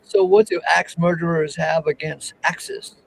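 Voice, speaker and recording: A man with a high voice and a gravelly, creaky edge walks a friend through scripture. He talks in an expressive, playful way, throwing in jokes between points. It sounds like an easygoing conversation about a Bible passage. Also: unhurried, rough recording. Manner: expressive, teasing, explains scripture. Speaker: Bible teacher. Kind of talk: casual Bible discussion.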